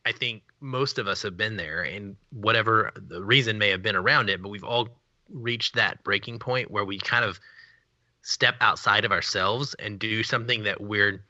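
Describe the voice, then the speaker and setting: A man with a low voice and a bright, tense edge talks thoughtfully and earnestly on a casual podcast. The recording sounds dry and dull, with a lo-fi quality. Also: normal speed, no room sound. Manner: reflective, earnest. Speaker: podcast co-host. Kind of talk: casual chat.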